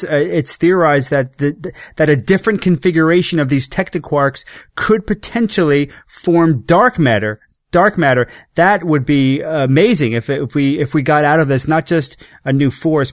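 A man's voice: a little high, no room sound, clean studio sound. Eager man explaining science. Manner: enthusiastic science explainer with many fillers. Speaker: show regular. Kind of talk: casual chat.

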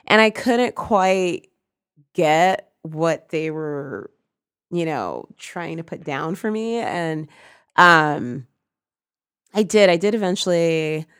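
Animated Caribbean-born woman, lowish voice. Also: takes it slowly, clean tone, no room sound, clean studio sound. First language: Spanish. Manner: animated storyteller, laughs often. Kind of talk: casual conversation.

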